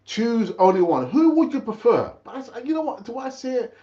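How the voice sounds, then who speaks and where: A man's voice: very high voice, very animated, brisk, mellow, highs cut off. A middle-aged man hosting a casual live football fan stream, chatty and repetitive, calling viewers brother. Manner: chatty, repeats himself, calls viewers brother. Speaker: football fan channel host.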